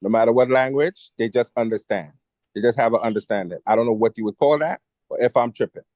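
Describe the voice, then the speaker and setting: A man in a casual discussion who keeps stumbling and restarting his sentences. His voice comes through dull and lo-fi, with a dry sound and no room echo. His pitch sits in an ordinary middle range. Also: fast, darkish tone. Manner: hesitant, stammering restarts.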